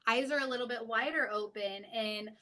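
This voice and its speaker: A woman in her thirties talks about her kids in a casual podcast chat. Her voice sits high and sounds bright and forward. She tells stories in an animated way and chuckles mid-sentence. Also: a little fast. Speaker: podcast guest, mother.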